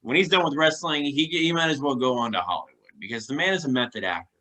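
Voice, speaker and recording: A man's voice: mid-range voice, fast, sharp tone. A man co-hosting a casual podcast, speaking emphatically and swearing. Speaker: podcast co-host. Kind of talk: casual chat.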